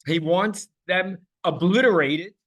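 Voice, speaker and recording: A man's voice: takes it slowly, fairly bright tone. A man teaching a Bible class, passionate, his voice leaping up when he quotes a plea, often repeating words and restarting. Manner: passionate, voice leaps high when quoting pleas. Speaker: Torah teacher.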